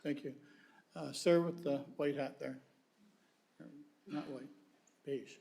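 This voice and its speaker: A man's voice: medium pitch, fairly even intonation, takes it slowly, creaky, mellow, slight background noise. Friendly man chairing a council meeting. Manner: friendly, brief. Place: council chamber.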